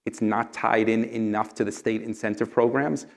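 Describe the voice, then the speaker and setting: A man's voice: on the low side, fairly even intonation, moderate pace, gravelly. A middle-aged man answering questions as a candidate for governor at a town hall. He talks emphatically, fires rhetorical questions at the crowd and keeps tagging his points with "okay?".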